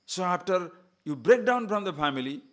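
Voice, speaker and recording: This male spiritual teacher's voice is high-pitched, with lively intonation and a normal pace. He gives an earnest scripture lecture, building his points in lists and frequently telling people to listen closely.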